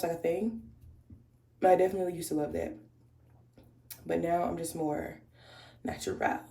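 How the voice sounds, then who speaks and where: A woman's voice: mid-range voice, a little mellow. A woman chats through a storytime while doing her makeup, slangy and familiar as she talks to her viewers. Her voice sits in a middle register. The room around her gives it a roomy echo. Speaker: beauty vlogger. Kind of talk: casual storytime chat during a makeup tutorial.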